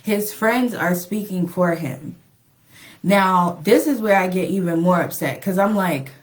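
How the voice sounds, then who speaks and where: Slow-talking woman telling a personal story. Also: lowish voice. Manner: chatty, lots of "like" and "um", acts out quoted lines. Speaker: relationship vlogger. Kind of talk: casual storytelling to camera.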